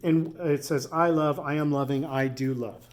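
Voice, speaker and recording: Casting: male Latin teacher, fairly high voice, patient and repetitive delivery, recorded in a reverberant room. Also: steady tone, a little mellow. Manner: explains patiently, repeats forms slowly. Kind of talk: recorded classroom lesson. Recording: echoey room.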